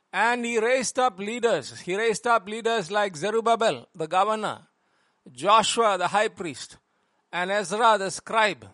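A man leading a prayer and preaching a sermon, reading scripture slowly and rising in force on the quoted verses. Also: high-pitched, fairly bright tone, no echo, clean studio sound. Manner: measured, slows and lifts voice on scripture quotes. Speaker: pastor.

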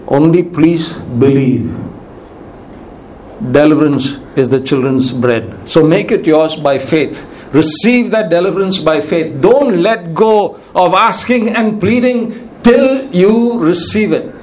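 A man's voice: a little high, a little slow, a little mellow, a little hiss or hum. A male preacher giving a sermon in an earnest, pleading manner, repeating key phrases for emphasis.

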